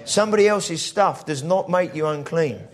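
A male preacher tells his sermon like a story over coffee, slipping into the voices of the people he describes. His voice sits a little high for a man. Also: moderate pace. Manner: conversational storytelling, acts out quoted voices.

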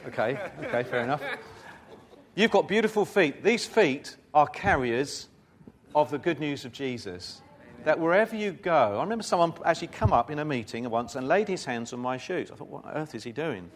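A man preaching a sermon in a fairly high voice. He reads scripture aloud and keeps stepping out of it for relaxed, conversational asides to the congregation. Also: moderate pace.

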